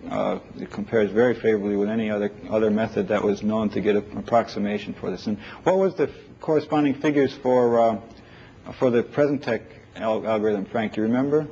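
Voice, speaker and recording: A man's voice: fairly low pitch, a little fast, mellow. A man giving a live technical lecture, thinking aloud and taking questions from the audience, on an old 1980s lecture recording. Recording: dull lo-fi 1980s lecture tape.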